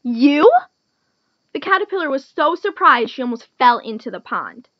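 A woman reading a picture book aloud to children, clear and gentle like a teacher. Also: sits high, sing-song, fairly quick, no room sound, dull audio. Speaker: storytime reader.

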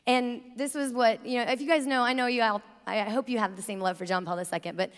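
A young woman gives an energetic faith talk to a youth crowd in a large conference arena, telling stories chattily with lots of "like" and "you know." Her voice is fairly high with fairly even intonation, and she speaks quickly. The recording carries long hall reverb from the arena.

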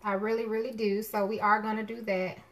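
Live from her home kitchen, a middle-aged cooking show host chats with her viewers and welcomes each by name. She talks fairly quickly in a level, medium-pitched voice with a fairly bright tone, one so distinctive that people often call it unusual.

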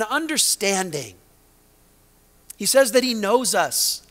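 Male pastor, high voice, deliberate sermon delivery with loud-to-hushed dynamics. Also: animated. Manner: preaching with dramatic swings from loud to hushed.

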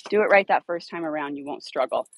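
The recording quality is poor as a woman with a deep voice talks fast about outdoor leash training. Working with a puppy in a yard, this dog trainer coaches in a blunt, direct way and praises the dogs cheerfully.

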